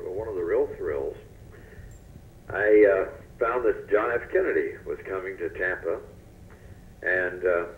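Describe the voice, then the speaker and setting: An older man from North Carolina, a retired newscaster telling stories in an interview in a folksy, unhurried way. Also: low voice, slight background noise. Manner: folksy, unhurried, trails off softly. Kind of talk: relaxed storytelling interview. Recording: dull lo-fi radio recording.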